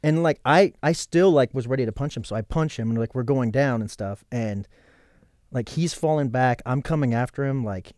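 A man's voice: medium pitch, normal speed, a little mellow, no echo. A man in his thirties sits as a guest on a casual podcast, telling a long story. He swears often and acts out the lines of everyone involved. He is heard on a close, dry mic with no room sound.

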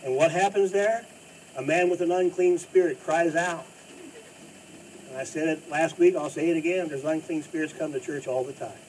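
A man's voice: fairly high pitch, normal speed. Preaching man, heard from a distance. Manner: emphatic preaching, loud bursts and quiet drops. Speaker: pastor. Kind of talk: sermon. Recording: distant mic with faint noise.

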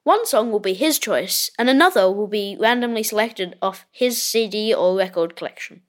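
A woman hosting a podcast, reading the show's intro in a bright presenting manner. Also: mid-range voice, lively intonation, normal speed. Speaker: podcast host.

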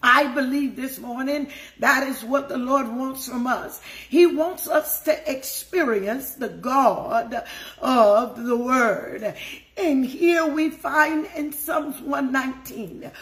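Older woman preacher, high voice, slow and emotive delivery. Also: fairly bright tone. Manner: emotive, repeats phrases, greets viewers by name. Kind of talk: devotional sermon.

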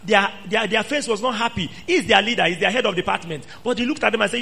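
A man's voice: high voice, quick pace, creaky, pushed and bright, breathy edge. A man preaching an emphatic sermon, repeating phrases and questioning the congregation. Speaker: pastor.

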